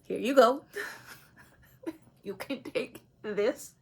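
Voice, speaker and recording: A woman's voice: on the high side, drawn-out words, gravelly, darkish tone, husky. Laughing, chatty woman reading astrology. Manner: chatty, laughs often between phrases, swears casually. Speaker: astrology reader. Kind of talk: casual spiritual reading to camera.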